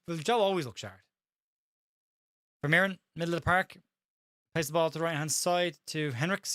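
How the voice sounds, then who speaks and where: Fast-talking Irish man calling a match. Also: on the high side, a bit bright, no room sound, clean studio sound. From Ireland. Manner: fast-talking, stumbles over names. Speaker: host. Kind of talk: live match watch-along commentary.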